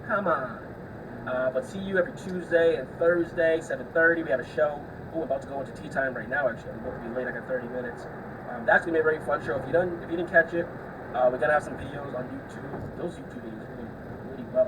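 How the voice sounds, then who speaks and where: Profane, rambling young man. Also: medium pitch. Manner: profane, rambling storyteller with frequent filler words. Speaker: podcast host. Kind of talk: casual solo storytelling. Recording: distant mic with faint air-conditioner hum.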